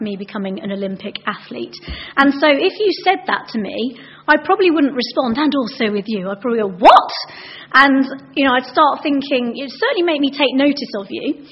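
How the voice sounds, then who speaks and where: A young woman preaches a relaxed, story-filled sermon, slipping into little voices for the people she quotes. Her voice sits on the high side with a breathy edge. The recording sounds slightly muffled. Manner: chatty, anecdotal, acts out quoted voices.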